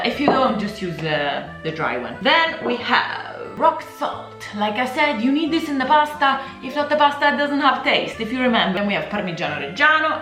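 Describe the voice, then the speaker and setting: A woman from Italy hosting a casual cooking demonstration in a home kitchen, chatty and slipping Italian words into her English. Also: mid-range voice. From Italy, grew up in Milan. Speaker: cooking video host. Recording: echoey kitchen with background music.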